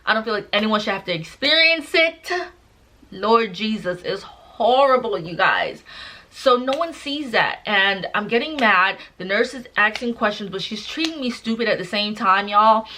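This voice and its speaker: A woman's voice: mid-range voice, expressive, normal speed, sharp tone. A young woman vlogger telling a personal story in a chatty way, often calling the viewers "y'all" and "you guys". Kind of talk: casual storytelling to camera.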